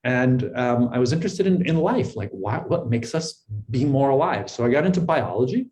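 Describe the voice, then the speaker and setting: A man's voice: mid-range voice, animated, normal speed, darkish tone, poor audio. A middle-aged man, a guest in an interview, telling his life story in an earnest, reflective way, often repeating words as he thinks. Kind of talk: conversational storytelling.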